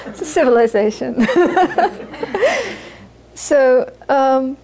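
High-voiced woman giving a dharma talk. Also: fairly even intonation, takes it slowly, a crowd in the background. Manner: repetitive, anecdotal and often laughing. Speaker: Buddhist teacher.

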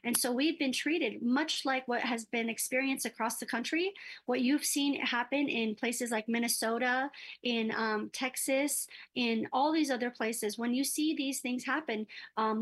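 A middle-aged woman speaking earnestly as a community organizer in a radio interview, with occasional stumbles. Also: on the high side.

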